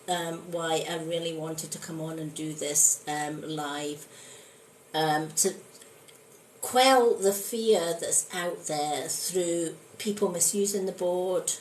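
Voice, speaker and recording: A woman talks slowly and earnestly on a live stream, filling pauses with "um". Her voice rings in an echoey room with a faint hiss of noise behind it. The sound is a plain phone recording. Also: medium pitch, darkish tone. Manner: slow, earnest, many fillers. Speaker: spiritualist hosting a live stream.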